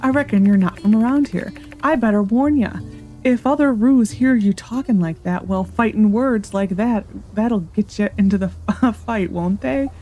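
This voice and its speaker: A woman's voice: extremely high pitch, very animated, unhurried, hardly any pauses, darkish tone, faint music behind, pitched above the performer's own voice, exaggerated voice. Brash kangaroo, woman reading it, giggly mock-tough delivery. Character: brash, quarrelsome male kangaroo.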